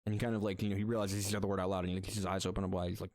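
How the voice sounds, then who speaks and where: A man's voice: deep voice, flat delivery, racing, darkish tone, dry recording, studio quality. A man narrating as game master, talking loosely with many fillers and restarts.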